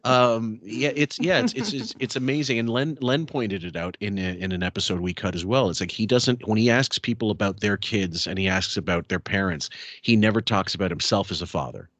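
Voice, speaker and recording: A man's voice: lowish voice, brisk, few pauses, a bit bright, dry recording. A man hosting a podcast in casual chat, rambling and swearing, with many fillers and restarts. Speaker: podcast host.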